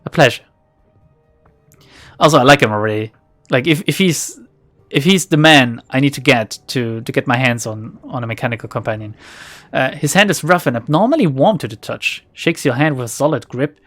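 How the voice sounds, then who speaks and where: A woman's voice: deep voice, lively intonation, a little fast. A woman streamer giving casual, jokey commentary on a video game she plays, reading narration and laughing at herself. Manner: jokey, self-mocking, often laughing. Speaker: let's play streamer.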